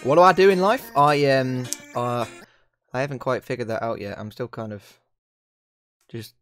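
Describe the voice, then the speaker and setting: A man's voice: medium pitch, moderate pace, fairly bright tone, faint music behind. A man hosting a casual, joking video chat, often teasing and slipping into voices. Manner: joking, playful, jumps into impressions. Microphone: webcam video call.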